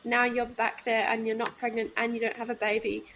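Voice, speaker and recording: A woman in her thirties talks frankly as a podcast guest, a little high in pitch. She pauses often and fills the gaps with soft ums. A faint hiss sits under her voice. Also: little pitch movement, low-quality recording. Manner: halting, frank, many pauses and fillers. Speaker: guest, midwife. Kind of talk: candid podcast conversation.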